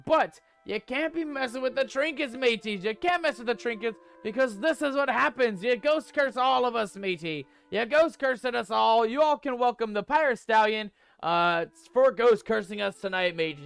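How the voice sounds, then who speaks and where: A man's voice: high voice, normal speed, gravelly, a bit bright, smooth, faint music behind. A man playing a swaggering male pirate ghost captain in a game stream, full of pirate slang and playful bluster. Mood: mock-scolding.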